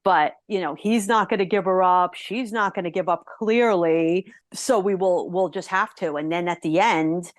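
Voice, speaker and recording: Animated woman co-hosting a podcast, dry sound. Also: lowish voice, no room sound. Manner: animated, acts out characters' thoughts in quick asides. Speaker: podcast co-host. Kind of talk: casual film discussion.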